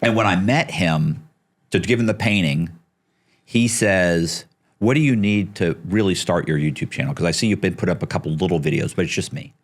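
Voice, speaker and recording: A man's voice: deep voice, normal speed. A middle-aged man telling a story as a podcast guest, acting out the people he quotes and swearing casually.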